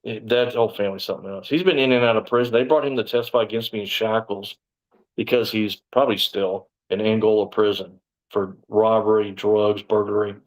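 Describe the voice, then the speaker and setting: A man's voice: on the low side, fairly even intonation, fairly quick, poor audio. A man from Texas, a former police officer telling his story in a casual interview, rambling and digressive with lots of "you know".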